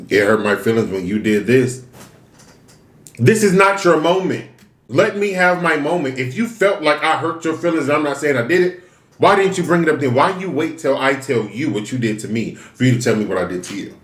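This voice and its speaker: A man's voice: a little high, echoey room. A man chatting casually to viewers while eating, venting and asking rhetorical questions. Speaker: mukbang vlogger. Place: room, eating on camera.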